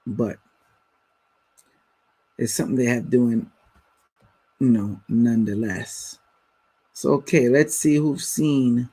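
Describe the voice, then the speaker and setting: A man's voice: a little high, darkish tone. A man hosting a live stream, talking bluntly and casually to his viewers in slang. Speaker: livestream host.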